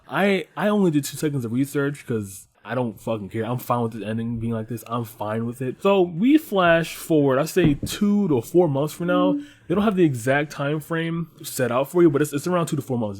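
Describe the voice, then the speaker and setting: A young man reviewing an anime series in casual commentary, swearing freely, rambling and laughing as he tells stories. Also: mid-range voice. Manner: profane, animated and rambling with frequent laughs. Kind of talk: casual commentary and personal storytelling.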